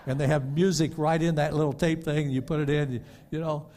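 Older guy preaching, bit high pitched, stammers on words, goes loud then quiet. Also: fairly even intonation, a little fast. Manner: dynamic preaching, rising loud then dropping soft and low. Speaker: pastor. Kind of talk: sermon.

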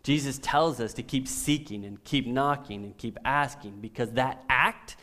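A middle-aged man preaching a sermon as a pastor, telling stories with animation and swinging from soft to loud. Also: medium pitch, normal speed.

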